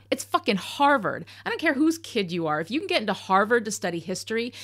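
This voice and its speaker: Woman podcast host, candid and sardonic, swears freely, slightly high voice. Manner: candid and sarcastic, with casual swearing. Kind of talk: podcast commentary on a TV episode.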